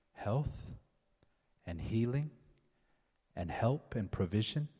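A man preaching a sermon and praying, slow and earnest, often dropping to a softer tone. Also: mid-range voice. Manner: slow, earnest, drops to soft tones. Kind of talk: sermon with prayer. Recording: long hall reverb.

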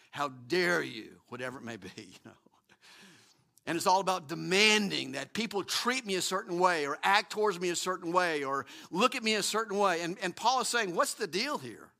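A man's voice: sits high, sharp tone. A middle-aged man preaching a sermon, emphatic, asking rhetorical questions and often repeating words. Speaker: pastor.

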